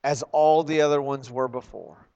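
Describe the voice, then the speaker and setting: A man preaching a sermon, animated and questioning his listeners. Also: mid-range voice, normal speed, vocal fry, lo-fi sound. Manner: animated, acts out quoted voices, loud emphatic bursts; asks the congregation questions.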